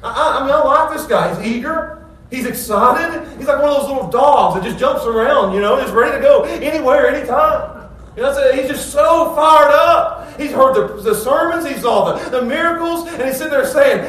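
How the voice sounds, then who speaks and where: A male pastor delivers an animated sermon, his voice sitting high and swinging between loud excitement and low calm. He is picked up from a distance, so the church's strong echo wraps every word. A faint room hum sits underneath. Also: normal speed. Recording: echoey room from far off.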